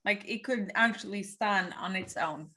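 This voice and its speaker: A woman's voice: medium pitch, moderate pace, sharp tone. A woman with hiccups joking around casually in podcast banter. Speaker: podcast co-host.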